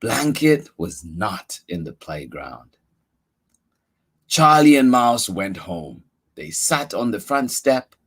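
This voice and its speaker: A man reading a children's picture book aloud, slow and unhurried. His voice swings dramatically in pitch, and he breaks in with playful, chatty asides to young listeners. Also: very animated, breathy edge. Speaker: storyteller.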